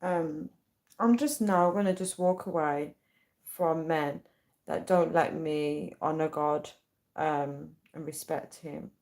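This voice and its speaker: A woman's voice: low voice, fairly even intonation, takes it slowly, a little mellow. Giggly woman chatting on a livestream. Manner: chatty, giggly, reads comments aloud. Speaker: livestreamer reading chat. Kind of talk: casual live-stream chat. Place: at home late at night.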